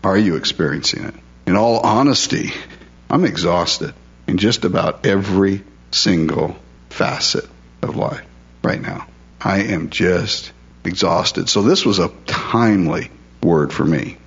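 A man's voice: low-pitched, a little slow, lo-fi sound. A male pastor preaching a conversational sermon, asking his listeners questions and confessing his own struggles.

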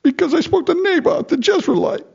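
A man's voice: very high-pitched, big pitch swings, brisk, creaky, a little mellow, voice pushed up, heavily acted. A man voicing a whiny, pouting grown king who stammers petulantly in a retold Bible story. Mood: whining. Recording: dull lo-fi recording.

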